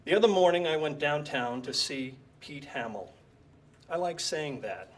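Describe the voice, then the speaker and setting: A man reading a prepared humorous tribute aloud at an evening event, with dry, deadpan comic timing. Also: fairly high pitch, unhurried, recorded from a distance. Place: lecture hall.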